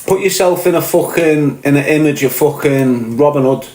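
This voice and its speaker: On a rough, reverberant recording with slight background noise, a podcast guest from Liverpool, England, speaks in a Scouse accent. His pitch is fairly high, his tone darkish, and his pace moderate as he rants bluntly and profanely, going over his points again in a conversational monologue.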